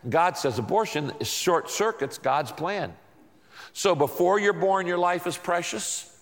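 Guy preaching a sermon, kinda high voice, lots of rhetorical questions, big echoey hall. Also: lively intonation, measured pace. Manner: emphatic, repetitive teaching cadence with rhetorical questions. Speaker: pastor. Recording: long hall reverb.

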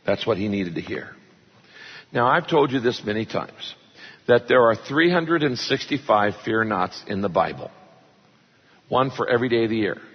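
Husky guy preaching, jokey then dramatic scripture reading, echoey church hall sound. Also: fairly low pitch, expressive, moderate pace. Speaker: pastor. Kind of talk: sermon. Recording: long hall reverb, dull lo-fi sound.

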